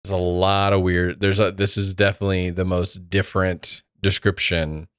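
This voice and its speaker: A man's voice: deep voice, little pitch movement, normal speed, a bit bright, clean tone, no echo. A man co-hosting a podcast, chatting casually with dry, wry remarks. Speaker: podcast co-host.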